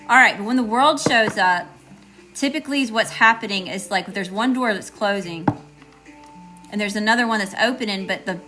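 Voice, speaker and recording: A woman's voice: mid-range voice, sharp tone. A woman with a Southern accent doing a live tarot reading, chatty and casual, greeting viewers by name between cards. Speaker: tarot reader.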